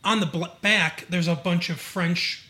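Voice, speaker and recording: A man's voice: high-pitched, fairly even intonation, unhurried, pushed and bright. A man from Michigan co-hosting a podcast, recapping a TV episode in a rambling, casual way full of fillers and asides. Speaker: podcast co-host.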